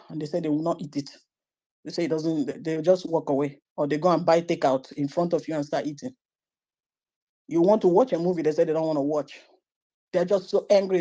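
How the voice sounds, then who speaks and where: A woman's voice: lowish voice, warm tone. A woman hosting a live audio-room talk, persuading listeners with a stream of rhetorical questions. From Nigeria. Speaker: host.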